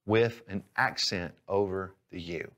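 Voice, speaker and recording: A man teaching a language lesson, explaining patiently and clearly, step by step. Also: low voice, a little slow, fairly bright tone, lo-fi sound. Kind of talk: instructional lesson.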